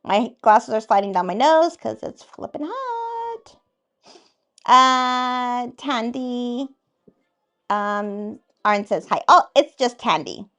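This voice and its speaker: A woman's voice: a little high, very animated, slow, bright, forceful tone. A woman hosting a casual livestream chat, reading viewer comments aloud in a playful, teasing way and laughing often. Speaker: livestream host.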